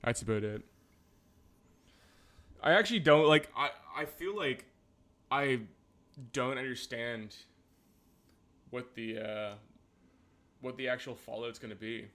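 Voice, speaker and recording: A man from Canada streaming in casual chat, sardonic and crude, with deadpan jokes. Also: mid-range voice, takes it slowly, long pauses.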